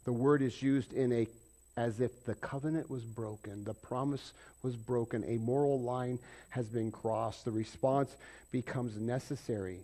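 A man preaching a conversational sermon, jumping from loud emphatic bursts to quiet asides. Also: mid-range voice, fairly even intonation, measured pace. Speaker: pastor.

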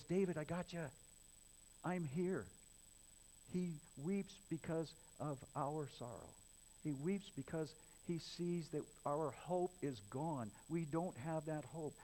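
A man's voice: fairly high pitch, warm tone, poor audio. A man preaching a sermon, reading scripture aloud and explaining it in earnest, rising to emphatic passages. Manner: earnest, builds to emphatic raised passages, some stumbles and restarts. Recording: faint mains hum.

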